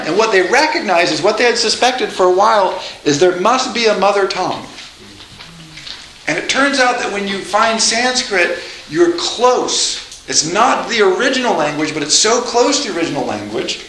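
A man lecturing a college class live, lively and joking, with asides and frequent restarts. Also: high voice, normal speed, a little hiss or hum. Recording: echoey lecture room.

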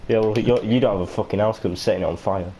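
A young man with a British accent, joking loudly and swearing while playing a game with friends. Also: lowish voice, very fast, slight background noise. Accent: British English. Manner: loud, excitable, swears a lot. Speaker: gamer. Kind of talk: casual gaming banter.

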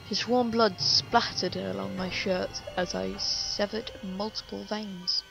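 A woman narrating a horror story in first person, reading in an even, measured way. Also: mid-range voice, vocal fry, over music, low-quality recording.

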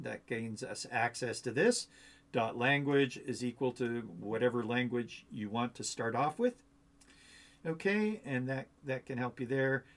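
A man hosting a coding tutorial, talking through a screen-share walkthrough in a casual, rambling, thinking-aloud way. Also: medium pitch.

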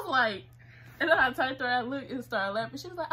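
High, bright-voiced young woman storyteller. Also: quick pace, husky. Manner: animated, laughing often, acts out others' lines. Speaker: co-host telling a couple's story. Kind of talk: casual storytime chat.

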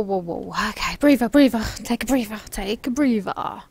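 A woman's voice: medium pitch, lively intonation, normal speed, darkish tone, slightly rough. A young woman commentating a horror game as she plays, frantically urging her character on, swearing, and muttering to herself. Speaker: gaming video host.

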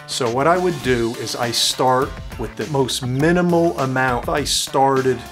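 A man's voice: medium pitch, a bit bright. A man from New Jersey hosting a reef tank hobby video, chatting casually to his viewers and answering their questions from his indoor tank studio. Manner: chatty, talks straight to viewers as "guys".

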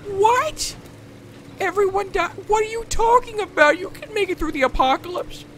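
A woman's voice: high voice, very animated, takes it slowly, background noise, voice pushed up, full character voice. A woman voicing a whiny, clingy grown son who pleads with his mother in a survival game.

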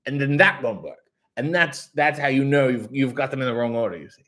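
A man's voice: medium pitch, animated, a little fast, fairly bright tone, lightly acted. A man doing a comic impression of a ditzy, giggly woman wrestler who explains things in a rambling, confused way.

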